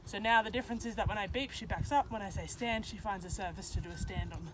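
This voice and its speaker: A woman's voice: mid-range voice, fast. A woman teaching a dog trick in casual chat, breaking off to praise and cue her dogs. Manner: chatty, breaks off to praise dogs, beeping cues. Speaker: dog trainer. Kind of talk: casual instruction while training dogs. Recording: noisy outdoor recording.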